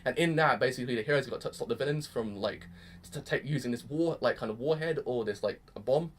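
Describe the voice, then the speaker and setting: A young man giving a casual reaction review of an anime episode, gushing and excitable, with mild swearing sprinkled through his talk. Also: mid-range voice, fast talker, a little hiss or hum.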